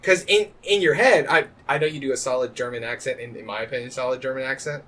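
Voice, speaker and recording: A man's voice: mid-range voice, fast, a bit bright. A man co-hosting a podcast, chatting casually and rambling with frequent restarts. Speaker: podcast co-host. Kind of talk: casual chat.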